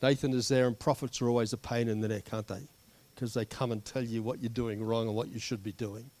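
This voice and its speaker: A man's voice: mid-range voice, brisk. Pastor guy giving a sermon, chatty storytelling, mid voice. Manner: conversational, animated storytelling with asides.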